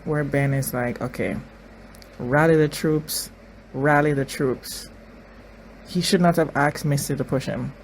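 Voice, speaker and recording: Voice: medium pitch, a little mellow, slight background noise, rough recording. Tearful TV reaction host, repeating phrases. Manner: emotional, repeats phrases, thinks aloud with many restarts. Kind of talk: emotional TV episode reaction commentary.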